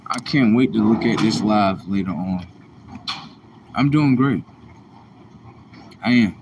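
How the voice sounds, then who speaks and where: A man's voice: fairly low pitch, slow, noisy background. A man hosting a live stream, talking to himself in a rambling, repetitive way with casual slang. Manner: animated, repetitive self-talk with slang. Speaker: livestream host.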